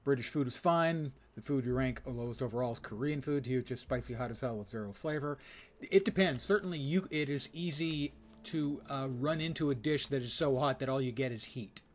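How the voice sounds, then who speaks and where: An older man streaming a game, chatting casually and rambling with frequent filler pauses. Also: mid-range voice. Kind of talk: casual gaming commentary.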